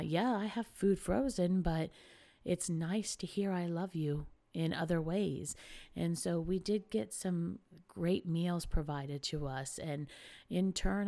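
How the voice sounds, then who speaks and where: A woman's voice: low-pitched, dark tone. A middle-aged woman talking earnestly and conversationally about women supporting each other, with frequent fillers. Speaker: speaker encouraging women. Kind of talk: casual heartfelt talk.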